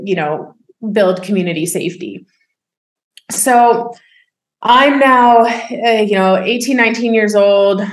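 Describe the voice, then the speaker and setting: A middle-pitched woman, a guest in a conversational interview, tells her own story frankly, smiling and laughing to keep an upbeat tone even through heavy material. Her voice rings out in a roomy, echoing space.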